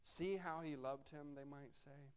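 A man's voice: fairly high pitch, fairly even intonation, measured pace, clear, resonant tone. A man preaching a sermon, reading scripture aloud and breaking off into wry, conversational asides to his congregation. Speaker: pastor.

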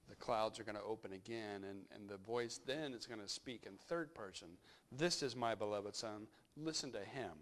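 A male pastor giving a conversational sermon, reflective and unhurried, thinking aloud as he goes. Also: medium pitch.

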